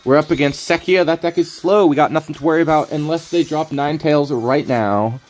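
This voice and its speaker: A man's voice: fairly high pitch, a little fast, a little mellow, soft background music. Rambling, playful male game streamer. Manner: rambling, laughs often, playful. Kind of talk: casual gaming commentary.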